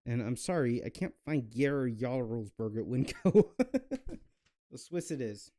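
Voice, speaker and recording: A young man hosts a cooking vlog, chatting casually and rambling with plenty of fillers and self-deprecating jokes. His voice sits in the mid range with big pitch swings, an unhurried pace, and a warm tone.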